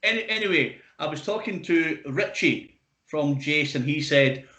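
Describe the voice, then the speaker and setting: A man interviewing a band over a video call in casual chat, laughing loudly and swearing freely. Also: fairly high pitch, animated, unhurried, roomy sound, poor audio.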